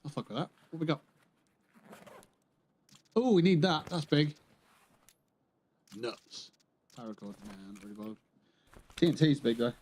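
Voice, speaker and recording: A man's voice: medium pitch, lively intonation, normal speed, long pauses, a little mellow. A man chatting casually while playing a game on a livestream, muttering to himself and swearing dryly, close to his microphone. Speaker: streamer. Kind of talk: casual gameplay livestream commentary.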